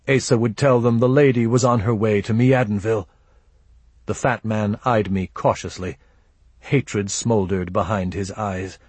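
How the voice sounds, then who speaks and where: A man narrates a first-person audiobook in a low, husky voice. His delivery is laconic and dry. The recording is close, with no room sound. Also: no room sound.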